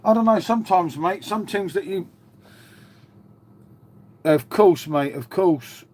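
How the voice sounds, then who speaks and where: A middle-aged man talks casually to his livestream viewers, matey and rambling with plenty of "um"s. His voice sits a little higher than most men's. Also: slow pace, a little mellow. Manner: chatty, matey, peppers talk with "mate" and "um". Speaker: livestream host. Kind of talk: casual live chat with viewers.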